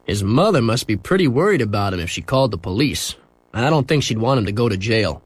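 A man's voice: lowish voice, sing-song, brisk, breathy edge, dry recording. A man reading a storybook aloud and voicing a mild, easygoing police driver.

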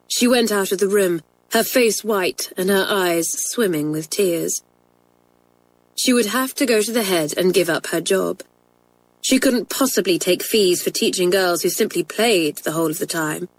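A woman narrating a children's story in a clear, measured way. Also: lowish voice, low-quality recording. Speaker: audiobook narrator. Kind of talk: storybook reading.

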